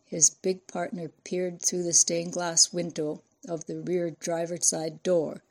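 A woman reading a novel aloud as an audiobook narrator, in a measured storytelling manner. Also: on the low side, little pitch movement. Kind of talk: scripted narration.

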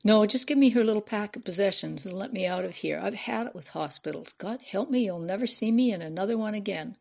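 A woman voicing a grieving older man who lashes out indignantly, with a slight fry in her voice. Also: medium pitch, expressive, brisk, a little mellow. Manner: indignant, bitter outbursts.

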